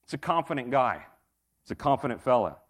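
A man's voice: medium pitch, very animated, fairly quick. A middle-aged man preaching a sermon in a casual, conversational way, repeating himself and using fillers. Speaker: pastor.

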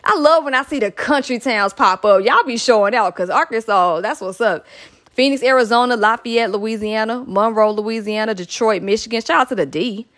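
A woman's voice: on the high side, normal speed, fairly bright tone. Chatty woman podcast host. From Atlanta, Georgia. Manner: chatty, laughs often, playful asides. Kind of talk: casual podcast shoutouts.

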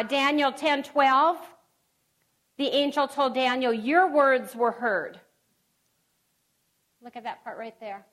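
Middle-aged woman preacher, earnest and exhortative, fairly high voice, slow delivery. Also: fairly bright tone, low-quality recording. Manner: earnest, exhortative, reads scripture aloud with pauses and restarts. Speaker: speaker at a women's gathering. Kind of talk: sermon.

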